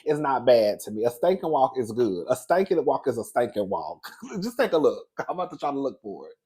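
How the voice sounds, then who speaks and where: A man hosting casual gossip commentary, chatty and animated, calling listeners "girl" and "baby.". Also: medium pitch, a little fast, soft background music. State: out of breath. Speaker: commentary host.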